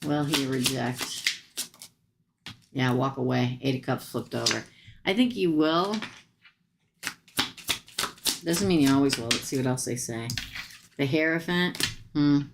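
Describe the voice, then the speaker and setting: A woman with a notably low voice reads tarot live for her viewers. She talks casually and bluntly, tossing in slangy asides. A faint hiss sits under her voice. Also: unhurried, long pauses. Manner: chatty, talks straight to viewers and comments. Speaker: tarot reader. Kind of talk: live-stream tarot reading.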